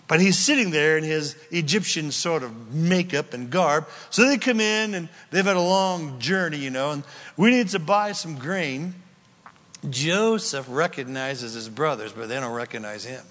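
Male pastor preaching slow and deliberate, kinda high voice, big church reverb. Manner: animated storytelling, dropping to a hushed prayer. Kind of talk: sermon. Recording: long reverb in a large hall.

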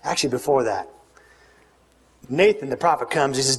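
A man preaching a sermon, animated and joking, leading the congregation in call-and-response. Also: medium pitch, moderate pace, pauses often, a little hiss or hum. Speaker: pastor. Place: large church hall with congregation. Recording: long reverb of a big hall.

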